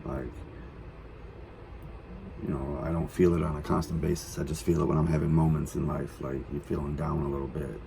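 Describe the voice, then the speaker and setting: A man with a very deep, gravelly voice talks loosely through a reaction to a song. His tone is dark and mellow, and he rambles with plenty of fillers. Faint noise sits behind him. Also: fairly quick. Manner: relaxed, rambling, many fillers. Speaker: reaction video host. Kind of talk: casual reaction commentary.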